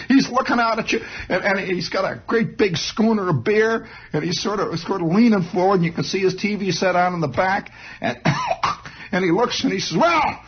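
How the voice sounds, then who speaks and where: Man, radio host, husky, lively swooping delivery, rambling monologue, dull vintage broadcast sound. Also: high-pitched. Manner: rambling, animated storytelling with acted asides. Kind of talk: late-night radio monologue. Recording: muffled 1960s radio broadcast.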